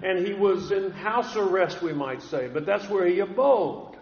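A man with a fairly high voice delivers an earnest, deliberate sermon, often doubling back on his words. The recording is dull and muffled, with a long echo from a large church hall. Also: animated, a little mellow. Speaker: pastor. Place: church sanctuary with a congregation.

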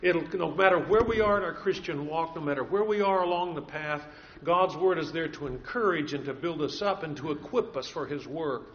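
An earnest male preacher delivering a sermon, driving points home by repeating key phrases. His voice sits a little high for a man. The recording is dull and lo-fi. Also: a little fast. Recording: dull lo-fi sound.

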